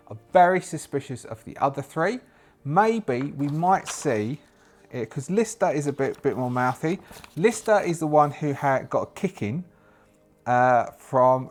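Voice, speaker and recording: A British man running a solo tabletop game, hesitant and thinking aloud with many fillers and restarts. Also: medium pitch. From Britain.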